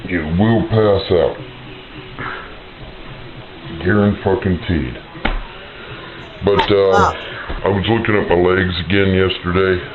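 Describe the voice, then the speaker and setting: A man talking in a gruff, profane, boastful casual monologue. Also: sits low. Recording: tinny echoey recording with faint music.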